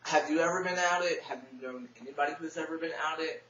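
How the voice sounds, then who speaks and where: Soft-spoken young man, teary, echoey room. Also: fairly high pitch, brisk. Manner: soft-spoken, emotional, dropping to a near whisper at times. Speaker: vlogger. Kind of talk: casual personal storytelling to camera. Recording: echoey, distant, dull webcam audio with faint hum.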